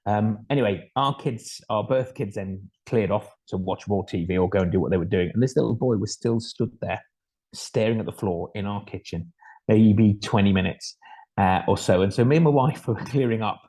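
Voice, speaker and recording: Middle-aged man, low husky voice, warm anecdotal storyteller. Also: normal speed, rough recording. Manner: self-deprecating anecdotal storytelling with voiced quotes. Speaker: foster carer. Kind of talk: storytelling talk. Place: kitchen at home.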